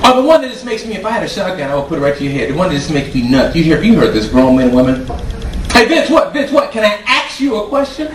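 Male stand-up comic, profane incredulous rant; high, lively voice, heard far off in an echoey room. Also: fast talker. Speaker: comedian. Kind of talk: stand-up comedy. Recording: echoey, distant, loud background noise.

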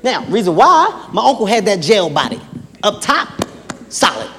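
A man with a high, bright-toned voice tells comic stories on stage, switching into acted voices for the people in them. His delivery echoes through a large hall with a long tail of reverb, and a faint room hum sits under it. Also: normal speed. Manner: animated storytelling with acted-out quotes. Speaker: stand-up comedian. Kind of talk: stand-up comedy routine. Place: large live venue with audience. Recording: live hall with faint ambience.

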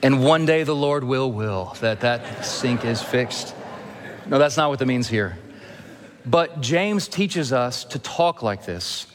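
A male pastor delivering a sermon in an earnest, measured way, with touches of gentle humor. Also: mid-range voice, lively intonation. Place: church sanctuary. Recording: long reverb of a church hall.

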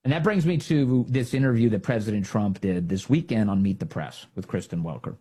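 A man's voice: on the low side, fairly quick, mellow, breathy edge. A man hosting a political commentary show, talking in a sarcastic, mocking and indignant way.

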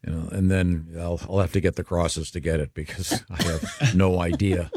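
A man's voice: sits low, fairly even intonation, normal speed, darkish tone, breathy edge, no room sound, clean studio sound. A middle-aged man hosting a morning radio show, chatting casually and rambling with many fillers.

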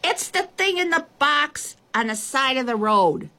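A woman's voice: mid-range voice, wildly swooping pitch, fairly quick, slightly rough, exaggerated voice. A woman voicing an eager little girl in a storybook reading, calling out instructions in a helpful, slightly bossy way. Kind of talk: storybook voice acting.

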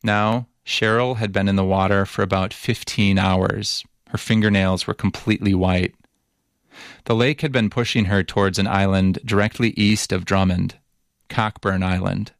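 A man narrating a documentary story as reporter in a measured, even way, also asking interview questions. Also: low voice, gravelly, no room sound, studio quality.

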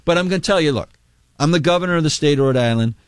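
A man in his role as a governor answers on the radio, halting and defensive, filling pauses with "uh". The sound is dry, with no room around it. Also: on the high side, smooth, no echo. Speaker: state governor, guest. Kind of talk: radio interview clip.

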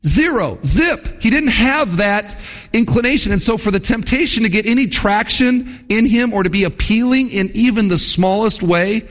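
A man's voice: sits high, lively intonation, normal speed, a bit bright. A man preaching an expository sermon in a church hall, earnest and full of rhetorical questions. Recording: long hall reverb.

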